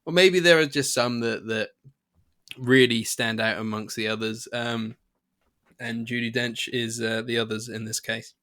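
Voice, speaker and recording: A man's voice: medium pitch, steady tone, unhurried, pushed and bright. A man co-hosting a casual film podcast, asking curious questions and teasing his co-host with dry humor.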